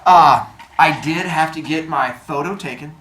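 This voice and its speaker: A man telling a personal story in a casual way, acting out the other people's lines in an animated manner. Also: a little high, a little slow. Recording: roomy echo, faint noise.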